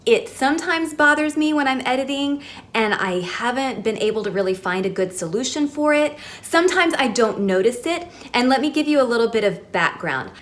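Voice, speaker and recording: A woman's voice: high-pitched, animated, fairly quick. A woman chatting to her camera at home, giving a casual beauty product review in a chatty, self-deprecating way. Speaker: beauty vlogger. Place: at home filming herself. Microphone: camera mic, facing the lens.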